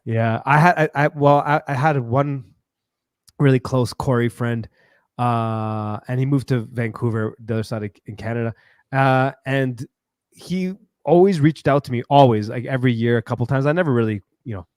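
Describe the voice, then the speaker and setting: A man co-hosting a casual chat, relaxed and joking, reacting to stories. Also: medium pitch, moderate pace, smooth, no echo, studio quality.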